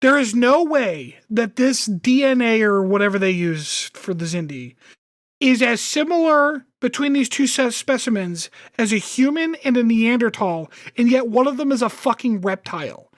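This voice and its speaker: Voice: medium pitch, animated. Profane, ranting podcast co-host. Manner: profane, ranting, quick to complain. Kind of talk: casual podcast chat.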